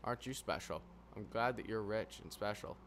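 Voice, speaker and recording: Over loud game sound, this man talks quickly in a lowish, fairly bright voice. He's a let's play commentator whose loose, meandering chatter is full of sarcastic, self-deprecating humor.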